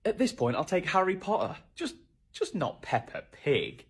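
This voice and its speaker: A man's voice: high-pitched, very animated, moderate pace, fairly bright tone, slightly rough. A British man telling a funny, self-mocking story to camera with dry comic delivery. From Britain. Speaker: vlogger.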